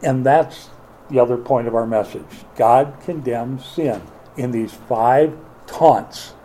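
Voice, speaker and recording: A middle-aged man preaching a sermon as pastor, lively and playful, acting out taunts and quoted voices. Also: mid-range voice, takes it slowly, poor audio.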